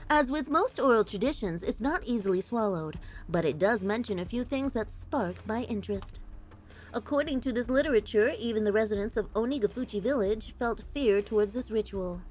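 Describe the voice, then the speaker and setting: A woman voicing a researcher's notes on an old ritual, read aloud in a measured, intrigued way. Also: on the high side, lively intonation, natural voice, rough recording. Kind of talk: read-aloud document in a game dub.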